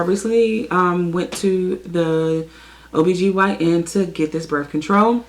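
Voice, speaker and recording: A woman's voice: lowish voice, unhurried, fairly bright tone. A young woman from the USA talking casually to her camera in a home basement, chatty and full of filler words. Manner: chatty, many "um" fillers, apologetic asides. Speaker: vlogger. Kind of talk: casual vlog talk to camera.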